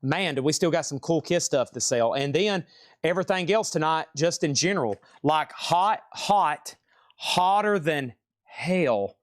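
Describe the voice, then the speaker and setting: Male auction host for a live record sale: quick, chatty bid-calling, slightly high pitch, dry recording. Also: no echo.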